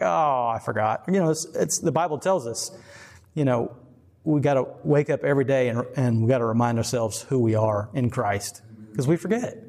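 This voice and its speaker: A man's voice: medium pitch, darkish tone. A middle-aged man giving a casual, rambling sermon, earnest and often laughing. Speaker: preacher. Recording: long reverb.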